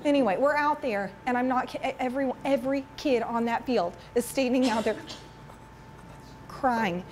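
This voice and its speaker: A woman giving a chatty, animated talk to a room of parents, often tossing questions to the audience. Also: a little high, normal speed, a little hiss or hum. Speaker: school parent education presenter. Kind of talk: casual presentation to parents.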